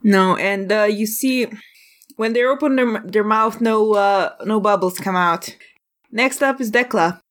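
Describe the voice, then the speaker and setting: As game master of a tabletop session, a woman haltingly sets the scene and asks players to roll dice. Her voice is medium in pitch and a bit bright.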